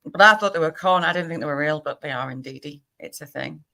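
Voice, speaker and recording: A woman from Cumbria hosts a relaxed livestream, chatting with viewers in a quick northern English accent. Her voice sits a little low and she rattles along fast, laughing easily between lines. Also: vocal fry. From Cumbria, England. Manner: fast-talking, laughs often. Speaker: livestream host. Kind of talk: casual livestream chat.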